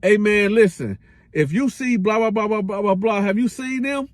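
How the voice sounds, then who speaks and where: A man's voice: high voice, normal speed, no echo, studio quality, voice pushed up, natural voice. A man voicing a hot-tempered young man who is pushy and slangy as he demands his money back. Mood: demanding.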